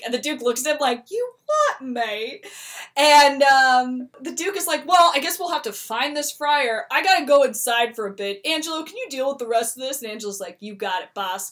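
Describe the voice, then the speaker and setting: A young woman co-hosting a casual talk show, retelling a play with lively quoted voices for each character. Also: sits high. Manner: animated, acts out characters' lines in quick voices. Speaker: podcast co-host.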